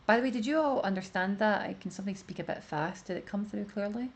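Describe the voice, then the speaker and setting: Speaking fast at a medium pitch, this woman barely pauses. As a streamer chatting casually, she rambles while laying out her view, leaning heavily on the filler "like."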